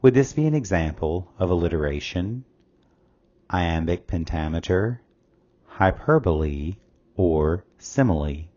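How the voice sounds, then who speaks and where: A man reading a scripted test-prep lesson as a tutor, reading questions and answer options aloud in a measured way. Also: deep voice, lively intonation, warm tone, highs cut off.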